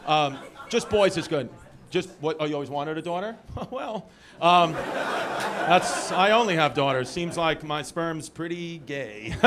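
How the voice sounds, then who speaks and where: A man's voice: fairly high pitch, noisy background. A male stand-up comedian doing loose, profane crowd work, teasing people in the front rows. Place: small comedy club. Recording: live club with loud crowd laughter.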